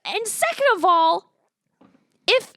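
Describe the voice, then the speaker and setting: High-voiced woman recapping a movie. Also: very animated, takes it slowly, fairly bright tone, dry recording, studio quality. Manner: amused, laughs while retelling scenes. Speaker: podcast co-host. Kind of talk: casual movie-riffing chat.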